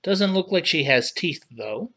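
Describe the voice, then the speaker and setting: A man hosting a casual livestream, talking in an unhurried, relaxed way as he browses and reads things aloud. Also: a little high. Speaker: livestream host reviewing collectible figures.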